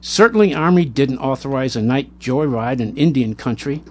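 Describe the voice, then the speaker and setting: A man reading a war memoir aloud in a measured, plain way, now and then stumbling and correcting himself. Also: mid-range voice, darkish tone, slight background noise. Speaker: narrator.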